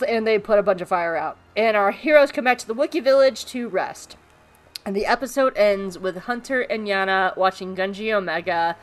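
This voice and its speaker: A woman co-hosting a podcast, playfully recapping an episode and laughing. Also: mid-range voice. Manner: playful, laughs, does character voices. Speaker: podcast co-host.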